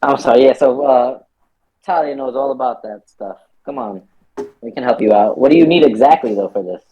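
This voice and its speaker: A man's voice: mid-range voice, brisk, mellow, a little hiss or hum, close to an everyday voice. A man voicing a helpful but wary adventurer companion, talking in a casual, hesitant way. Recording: dull, lo-fi voice chat.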